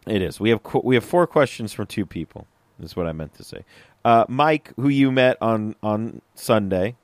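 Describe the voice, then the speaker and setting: A man's voice: on the low side, lively intonation, moderate pace, dry recording. A young man co-hosting a casual podcast chat, rambling with lots of fillers. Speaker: podcast co-host.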